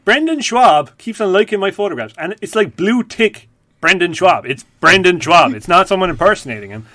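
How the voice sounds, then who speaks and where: A man, co-hosting a podcast in casual, rambling, profane chat that gets animated when he tells stories. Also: high voice, a little fast, no echo, clean studio sound. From Ireland. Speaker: podcast co-host.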